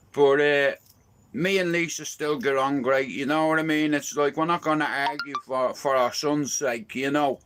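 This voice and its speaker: An Irish man on a live stream, pouring out his feelings in a blunt, heart-on-sleeve way and swearing freely. His voice sits a touch high for a man. A faint hiss of background noise runs under the recording. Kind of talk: rambling personal live stream. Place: garden shed.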